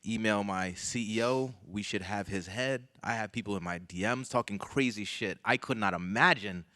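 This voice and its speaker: A man's voice: lowish voice, moderate pace, sharp tone, no echo. A man interviewing a guest at a live stage event, speaking in a casual, blunt and frank way. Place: event stage before an audience.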